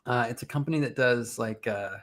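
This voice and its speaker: A middle-aged man chatting as a podcast guest, telling lively stories and laughing often. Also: medium pitch, a little fast. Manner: animated storytelling, laughs often. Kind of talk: casual chat.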